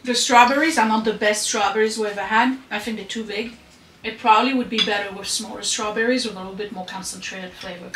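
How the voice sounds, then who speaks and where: A woman's voice: mid-range voice, steady tone, quick pace, fairly bright tone. A woman, chatting casually as she shows a home baking recipe in her kitchen. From France. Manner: chatty, explains as she goes. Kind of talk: casual cooking demonstration. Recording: echoey kitchen with faint hiss.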